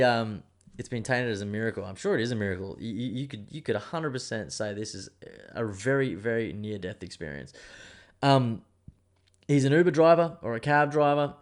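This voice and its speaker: A man hosting his own podcast, telling a news story in a rambling, animated way with plenty of swearing. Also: mid-range voice. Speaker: podcast host. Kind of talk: casual solo podcast rant.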